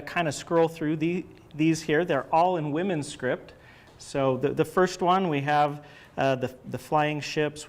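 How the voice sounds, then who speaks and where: A man giving a casual presentation about book artwork, chatty and hesitant, with many fillers and restarts. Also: medium pitch.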